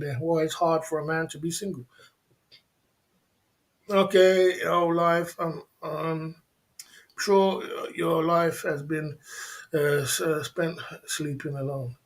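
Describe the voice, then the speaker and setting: A man hosting a casual livestream, rambling, repeating his phrases and reading out chat comments. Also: on the high side. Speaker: livestream host.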